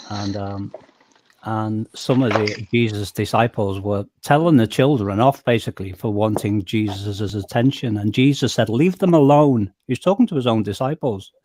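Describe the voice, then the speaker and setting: A man's voice: lowish voice, a little mellow, dry recording. A man on a video call who explains his points through stories and homely comparisons, often stammering on restarts. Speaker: panel member. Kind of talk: casual group chat on a call.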